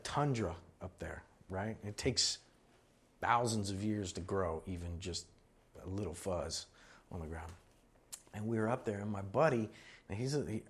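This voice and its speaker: A man's voice: fairly low pitch, slightly rough. A man preaching a sermon as pastor, conversational and earnest, building to emphatic exhortations.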